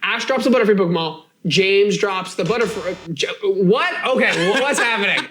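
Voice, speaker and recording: A young man hosting a podcast, animated and jokey, often slipping into silly voices. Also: sits high, normal speed, a little hiss or hum. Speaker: podcast host. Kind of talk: casual podcast chat.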